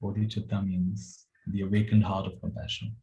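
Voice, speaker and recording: Male meditation teacher: low, dark, gravelly voice; gentle, chuckling storyteller. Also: little pitch movement, moderate pace, a little hiss or hum, rough recording. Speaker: spiritual teacher. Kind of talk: dharma talk.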